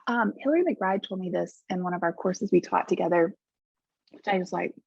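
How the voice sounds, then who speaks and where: Woman, gravelly, husky, earnest guest, dull lo-fi audio. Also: lowish voice, a little fast, a little mellow, dry recording. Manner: earnest, heartfelt, emphatic on key words. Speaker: guest, coach. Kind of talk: casual podcast conversation.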